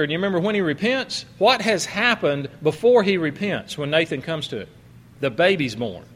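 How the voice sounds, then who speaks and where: A man's voice: medium pitch, sharp tone. A middle-aged man, a pastor, preaching a conversational sermon with laughing asides and quoted voices. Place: church sanctuary. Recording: long reverb of a church hall.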